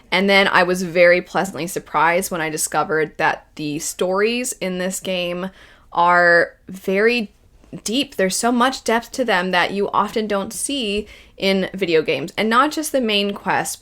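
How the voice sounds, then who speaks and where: A woman's voice: medium pitch, a bit bright. A young woman hosting a video essay, gushing and rambling with emotion about stories she loves. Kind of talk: casual enthusiastic commentary.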